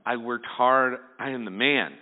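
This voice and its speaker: A male pastor preaching a sermon, lively and acting out the people in the story. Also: mid-range voice, measured pace. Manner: animated, acts out the people in the story. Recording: tinny phone-like sound.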